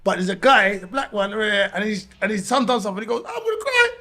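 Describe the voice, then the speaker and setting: A man with a voice that sits high talks fast while hosting a casual podcast chat. He's an animated storyteller who acts out what people said.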